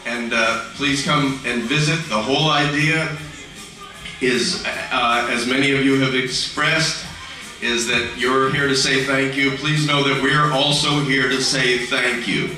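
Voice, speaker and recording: A middle-aged man giving an earnest, grateful convention speech with halting pauses, heard from far off in an echoey hall. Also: medium pitch, fairly even intonation, sharp tone, soft background music. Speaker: guest voice actor.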